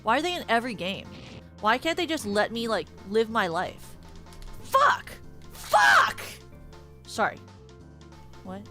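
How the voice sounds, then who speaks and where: A young woman streaming a game and reacting live, swearing often and breaking into sudden loud outbursts. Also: a little high, very animated, fairly quick, soft background music. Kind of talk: live gameplay commentary.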